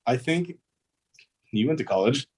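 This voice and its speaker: A man's voice: mid-range voice, expressive, measured pace, darkish tone, breathy edge. A young man, a pro ballplayer, telling stories in a casual interview, easygoing and rambling with lots of fillers. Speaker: guest, pro baseball player.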